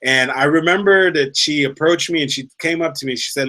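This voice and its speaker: A man's voice: fairly high pitch, a little fast, few pauses, sharp tone. A man giving a motivational speech. He tells a personal story, speaks straight to the listener and drives his points home by repeating phrases. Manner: emphatic, repeats phrases for effect; storytelling, addresses listener directly.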